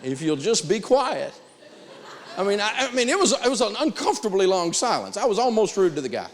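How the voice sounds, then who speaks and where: Animated man teaching in a reverberant hall. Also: brisk, slight background noise. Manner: animated storytelling with big pitch swings. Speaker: personal finance teacher. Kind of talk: live seminar lecture.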